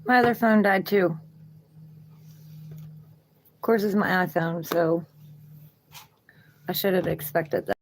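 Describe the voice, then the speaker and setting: A Southern-accented woman reads tarot on a live stream, chatting encouragingly with viewers. Her voice is fairly low and slow, with frequent pauses and a bit of hiss or hum on the audio.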